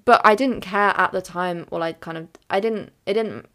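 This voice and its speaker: A young woman hosts her own podcast in a reflective solo monologue, thinking aloud candidly and rambling with many fillers and self-corrections. Her voice is on the low side, bright and forceful, at a moderate pace.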